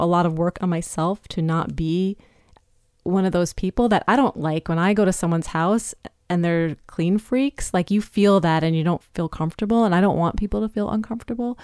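A woman in her fifties hosts a solo podcast, chatting casually in a candid, self-deprecating way. Her voice sits on the low side, dark, clear and resonant. The recording is clean studio sound with no room noise.

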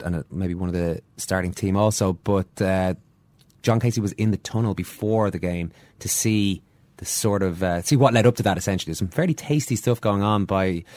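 A man hosting a sports podcast, chatty with plenty of pauses. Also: sits low, a little mellow, dry recording. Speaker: podcast host. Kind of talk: casual sports chat.

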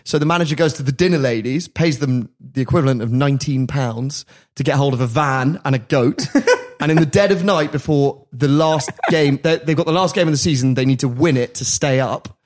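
A man's voice: medium pitch, a little fast, hardly any pauses, darkish tone. A man hosts a podcast and tells a story in an easy, conversational way. He breaks into laughter at his own asides. His voice sits in an ordinary middle range. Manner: laughs often while telling a story. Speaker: podcast host. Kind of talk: casual storytelling chat.

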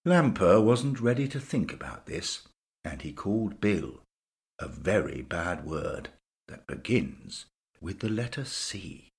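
A man narrating a children's-style story in a lively, sing-song storytelling manner. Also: low voice, slow.

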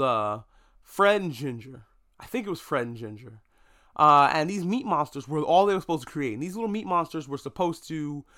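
Animated man ranting about a movie. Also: high voice. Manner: animated, swearing, mock-outraged asides. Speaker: podcast host. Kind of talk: casual movie review monologue.

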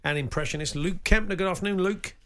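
A man's voice: sits high, quick pace, a bit bright. A man hosting a radio talk show, trading dry, teasing banter in casual chat.

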